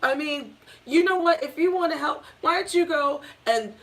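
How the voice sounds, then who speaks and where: Brief: fairly high-pitched woman, blunt and swearing, laughs through lines. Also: normal speed, fairly bright tone. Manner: blunt, profane, laughs while talking. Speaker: co-host. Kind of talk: casual conversational rant.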